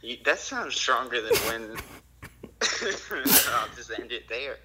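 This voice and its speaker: A man's voice: medium pitch, takes it slowly, background noise. A man in a casual chat who giggles and teases, counting aloud as he talks. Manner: giggly, teasing, counts out loud.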